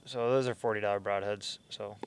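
A man's voice: lowish voice, fairly even intonation, brisk, gravelly, a little hiss or hum. A man chatting casually as a hunting companion, laughing easily as he talks. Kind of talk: casual chat.

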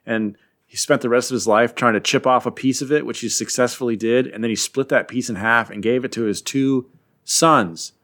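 A man's voice: mid-range voice, fairly even intonation, fairly quick, a bit bright. A man casually recapping a comic story as a podcast host, in a rambling, jokey way with frequent filler words. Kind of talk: casual chat.

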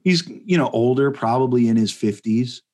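A man, a podcast guest, telling a comedic story in a casual, animated way, rambling with lots of fillers and laughing mid-sentence. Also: mid-range voice, normal speed.

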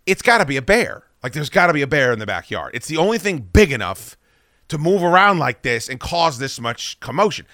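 A male podcast host tells a story casually and profanely, his bright, forceful voice swinging widely in pitch as he acts out what he yelled. The recording is brisk, dry, and close, with a studio sound.

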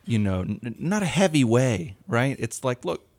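A man co-hosting a podcast, telling lively stories in casual chat and laughing often. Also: medium pitch, measured pace. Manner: animated storyteller, laughs often. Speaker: podcast co-host.

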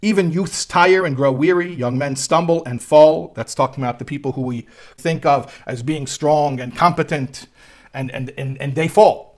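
A man teaching a text study class, reading passages aloud and translating them line by line, with lively rises when he quotes. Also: a little high, moderate pace. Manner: reads Hebrew text then translates line by line; animated, voice rising when quoting. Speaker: Torah teacher.

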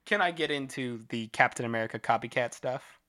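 A man's voice: medium pitch, fairly quick. A man chatting casually about a film, laughing often and acting out lines. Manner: animated, laughs often, acts out quotes. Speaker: co-host reviewing a film. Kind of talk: casual chat.

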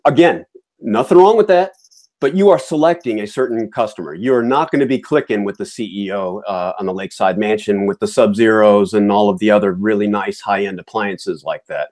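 A man's voice: on the low side, animated, a little fast, darkish tone. A man hosting a podcast, giving his opinions in a chatty, casual way. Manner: chatty and opinionated, with frequent fillers and restarts. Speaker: podcast host.

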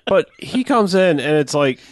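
Male co-host, lively pitch, dry close mic, recapping a film with quick acted bits. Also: no room sound. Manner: animated, acts out characters in quick bits. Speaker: podcast co-host. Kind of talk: casual movie recap chat.

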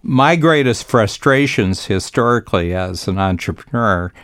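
On his business podcast, this older host and coach has a very low, gravelly yet fairly bright voice, expressive and confident at a moderate pace. He reflects at length in conversational talk, and the close, dry recording carries no room sound.

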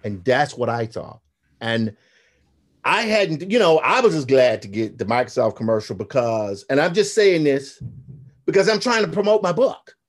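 This is a medium-pitched male voice at an ordinary speed. The speaker, a graphic novelist in his fifties, is a guest on a casual podcast, where he spins lively anecdotes and performs the quoted lines.

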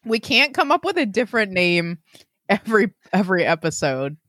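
A woman co-hosting a podcast in casual chat, teasing with deadpan jokes. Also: mid-range voice, moderate pace, no echo, clean studio sound. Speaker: podcast co-host.

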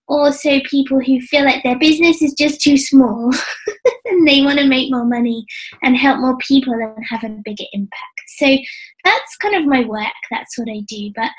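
A woman's voice: on the high side, low-quality recording. A woman in her forties with an English accent and a youthful, almost childlike voice, talking casually and self-deprecatingly as a business coach in an interview, laughing often. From England. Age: 40s. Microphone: headphones with mic.

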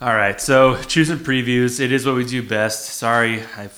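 A man's voice: medium pitch, steady tone, normal speed, a bit bright, soft background music. A man co-hosting a movie podcast in casual chat, bantering and self-deprecating. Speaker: podcast co-host.

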